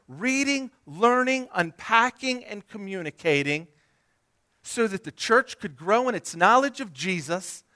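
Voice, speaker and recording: Animated, high-voiced male preacher. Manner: animated, emphatic preaching with comic asides. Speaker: pastor. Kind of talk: sermon.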